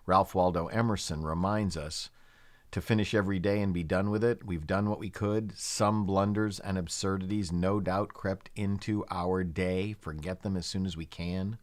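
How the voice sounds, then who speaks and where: A man minister giving a calm, reflective spiritual talk, speaking slowly with gentle pauses and leading his listeners in prayer. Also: sits low. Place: in the United States.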